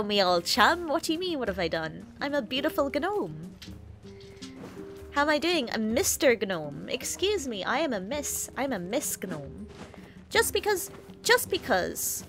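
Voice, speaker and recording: A sassy bearded gnome lady, loud and chummy, as a woman puts her on. Her voice sits high and swoops all over the place with sing-song greetings. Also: heavily acted.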